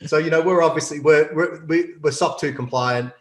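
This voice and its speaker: A man's voice: fairly high pitch, moderate pace, roomy sound. A man from Australia, a company CEO answering interview questions in a confident, explanatory way and laughing often. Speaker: CEO guest. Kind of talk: business interview.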